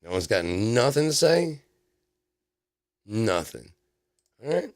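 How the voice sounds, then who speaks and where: A man's voice: medium pitch, sing-song, slow pace. A man hosting a livestream, ranting about politics in a profane, sarcastic way with many restarts. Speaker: livestream host. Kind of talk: casual political rant on a livestream.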